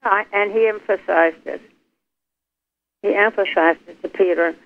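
A man's voice: sits high, steady tone, a little slow. A man taking part in an informal Bible study discussion, speaking reflectively and a bit hesitantly. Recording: tinny phone line.

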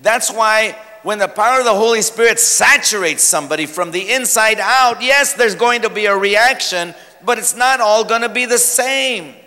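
A male pastor preaching a sermon, telling stories with lively humor. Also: sits high, normal speed, few pauses. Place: church sanctuary. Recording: long church hall reverb.

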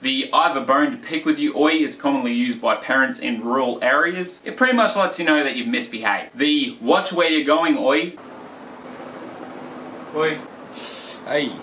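A man's voice: mid-range voice, lively intonation, normal speed, bright, forceful tone. Man doing a laid-back Australian bloke. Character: impression of a male Australian fighter, laid-back. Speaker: comedic presenter. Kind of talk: mock instructional comedy sketch. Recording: echoey room, distant mic, faint hiss.

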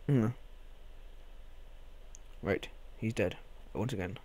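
A man's voice: medium pitch, expressive, a little slow, long pauses, darkish tone. A man commentating his gameplay in casual chat, muttering offhand asides to himself.

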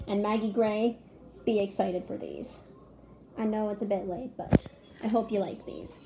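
A woman narrating a casual video in a chatty, excited way as she walks through her fan drawings one detail at a time. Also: mid-range voice, measured pace, gravelly, background noise.

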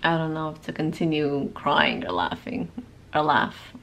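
A woman's voice: sits low, unhurried, vocal fry, fairly bright tone, highs cut off. A woman vlogging from her car about her day as a mom, talking in an emotional, rambling way and tossing in Spanish words. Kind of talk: emotional personal vlog. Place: in a parked car.

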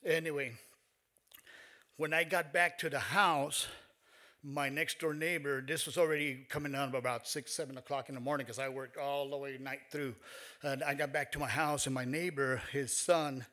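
A middle-aged man telling a personal story on a stage, halting and emotional, with many fillers and restarts. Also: mid-range voice, steady tone, bright, forceful tone. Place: stage in a performance hall.

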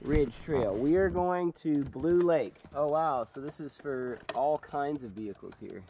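A man's voice: on the high side, lively intonation, measured pace, background noise. A middle-aged man hosting a casual outdoor adventure vlog, upbeat and chatty, talking to viewers on a camping trip and mountain trail. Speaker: vlog host.

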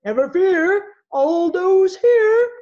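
A woman voicing a cheerful, loud man, a friendly night janitor, chatting in a jovial way. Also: expressive, moderate pace, muffled recording. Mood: booming cheer. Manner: booming, jovial.

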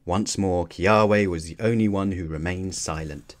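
A man narrates a children's adventure book aloud with expressive, measured storytelling. His voice sits on the low side. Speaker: storybook reader.

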